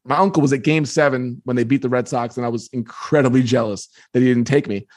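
Fifties guy from new york way, telling a story all animated, middle pitch, dry mic. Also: quick pace, no echo. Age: 50s. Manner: animated, with frequent restarts. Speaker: author, guest. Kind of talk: storytelling in conversation.

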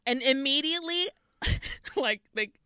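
Woman co-host, high bright voice, animated and profane film recap, dry close sound. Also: a little slow, dry recording. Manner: animated, profane, laughing retelling. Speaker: podcast co-host. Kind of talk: casual film recap chat.

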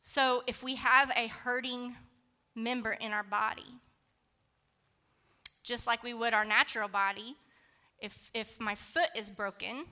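A woman delivers a sermon in a bright, forceful voice pitched a bit high. She talks candidly and conversationally, weaving scripture into a personal story with casual fillers. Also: fairly even intonation, unhurried, pauses often. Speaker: preacher.

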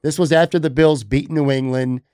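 A man hosting a casual sports podcast who talks in an excitable, knee-jerk way. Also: medium pitch, normal speed, clean tone, no echo, clean studio sound. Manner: excitable, self-admitted knee-jerk reactor. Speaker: podcast host.

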